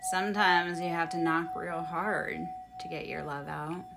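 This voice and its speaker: A woman's voice: fairly low pitch, fairly even intonation, gravelly, over music. A woman leading a live-streamed energy healing session, guiding breaths in a soothing way and chatting with viewers, with blunt swearing. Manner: slow, soothing guidance mixed with blunt swearing.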